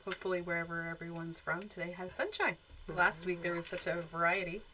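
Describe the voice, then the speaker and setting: A woman co-hosting a live show, with relaxed, joking banter. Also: lowish voice, brisk, a little hiss or hum. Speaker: co-host of a quilt shop live show. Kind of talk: casual live-stream chat.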